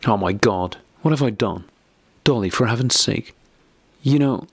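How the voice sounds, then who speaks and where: A man's voice: medium pitch, animated, a little slow, husky, dry recording, pitched above the performer's own voice. Tearful guilty husband, read by a man. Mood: pleading. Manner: pleading, piteous. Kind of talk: audiobook character reading.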